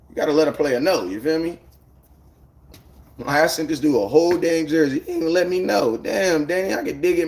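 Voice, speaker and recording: A man's voice: a little high, a bit bright. A man chatting casually on a live stream, rambling in loose slang and greeting viewers by name. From United States.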